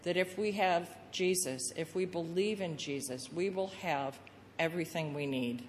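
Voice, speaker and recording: A woman's voice: on the low side, normal speed, a little hiss or hum. Woman preacher in a reverberant sanctuary. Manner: storytelling with acted-out voices of the crowd and Jesus. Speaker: pastor. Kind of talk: sermon.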